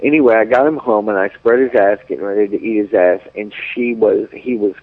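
A man's voice: fairly low pitch, fairly quick, narrow, tinny audio. A man telling blunt, graphic stories on a radio talk show. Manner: blunt, graphic, unashamed storytelling.

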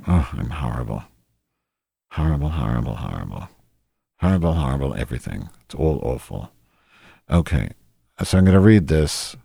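A man's voice: a bass voice, mellow, breathy edge, no echo, studio quality. A man hosting a solo podcast in a rambling, profane, self-deprecating monologue. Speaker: podcast host.

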